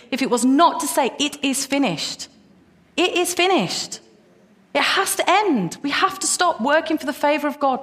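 A woman delivers a passionate sermon, her fairly high voice climbing into emphatic, repeated questions. The sound carries a long reverb from the hall around her. She moves between reading scripture and urgent, direct appeal. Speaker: preacher.

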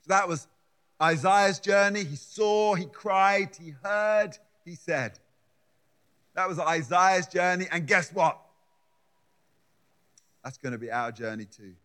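Male preacher, fairly high voice, slow and deliberate delivery, emphatic and repetitive. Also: a bit bright. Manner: emphatic, repeats words as he builds a point. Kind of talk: sermon with scripture reading.

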